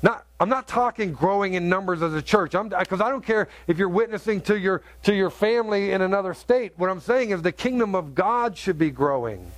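A middle-aged man preaching a sermon, telling a story in an earnest, halting way with many restarts. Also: high-pitched, animated, no echo. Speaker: pastor.

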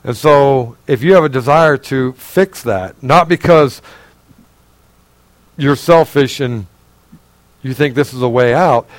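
A male pastor preaching in a conversational, earnest way, asking the congregation direct questions and swinging between raised, emphatic passages and quiet, low asides. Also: takes it slowly, pauses often, no echo, rough recording. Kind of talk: sermon.

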